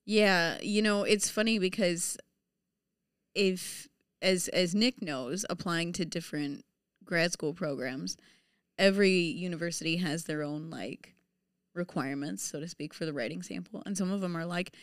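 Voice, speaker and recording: A woman's voice: fairly low pitch, fairly even intonation, moderate pace, clean tone, no room sound, studio quality. A woman in her thirties co-hosting a casual chat, laughing often and talking with many fillers and restarts. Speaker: podcast co-host.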